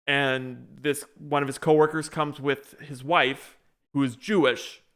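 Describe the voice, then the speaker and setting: A man's voice: mid-range voice, steady tone, unhurried, fairly bright tone. A young man co-hosting a casual podcast chat, rambling through a show's plot with many restarts and fillers. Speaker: podcast co-host.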